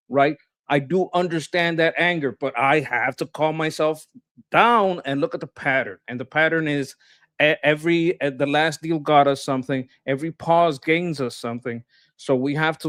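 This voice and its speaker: Brief: fired-up male political commentator, slightly high voice, dry close mic, rants and swears. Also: a bit bright, no echo. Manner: impassioned, swearing, repeats words when worked up. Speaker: co-host. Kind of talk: heated political discussion.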